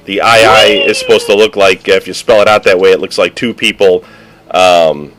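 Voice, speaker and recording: A man hosting a casual radio talk show, rambling and animated with lots of fillers. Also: deep voice, moderate pace. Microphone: studio microphone.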